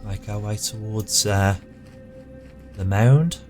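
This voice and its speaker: A man's voice: on the low side, takes it slowly, a little mellow. A man casually talking through his game as he plays, muttering to himself as he goes. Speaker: player narrating his game. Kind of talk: casual gameplay commentary. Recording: music playing clearly behind.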